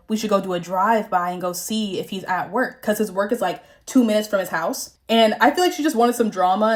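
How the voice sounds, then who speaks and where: A woman's voice: mid-range voice, a little mellow. A young woman from the Southern United States, chatting frankly and profanely while doing her makeup, telling a story about a fake friend. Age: young adult. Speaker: vlogger.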